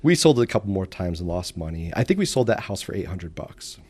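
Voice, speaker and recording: Low-voiced man telling lively stories. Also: quick pace. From Detroit suburbs, Michigan. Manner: animated storyteller who acts out quoted voices. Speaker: guest entrepreneur. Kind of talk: casual podcast interview.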